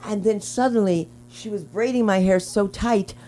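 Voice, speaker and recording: A woman emcees an open mic at a small comedy club, speaking into a handheld mic in a mid-range voice at normal speed, with a little hiss or hum in the audio. She's brash and rambling, swinging into loud character voices as she tells her stand-up stories.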